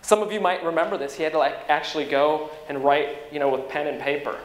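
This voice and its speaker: A man giving a motivational keynote speech, an energetic storyteller who swings in pitch and loudness. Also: fast. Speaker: keynote speaker. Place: large conference hall. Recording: echoey conference hall with long reverb.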